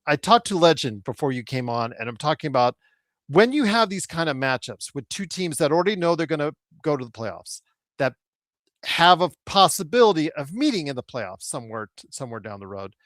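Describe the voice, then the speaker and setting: A man hosts a casual sports talk podcast. His questions ramble along with restarts and hedges. His voice sits at an average pitch and is recorded dry and close. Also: sing-song, normal speed, a bit bright, no echo. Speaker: podcast host.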